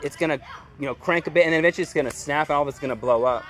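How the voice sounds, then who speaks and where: Man, pastor, casual conversational sermon, chatty with lots of filler slang, fairly high voice. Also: very fast. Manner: informal and chatty, heavy use of "like" and "dude".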